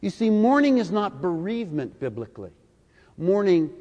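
Older male preacher, high voice, deliberate emphatic sermon, echoey hall. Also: very animated. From United States. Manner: deliberate and emphatic, with big swings in loudness.

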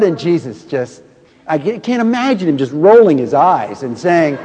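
A man with a high, ringing voice delivers a sermon from the pulpit. He tells stories with drama, dropping to a hush and then building back up. A long hall reverb trails every phrase. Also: sing-song, moderate pace, muffled recording, slight background noise. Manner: storytelling, dramatic swings from booming to hushed. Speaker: preacher.

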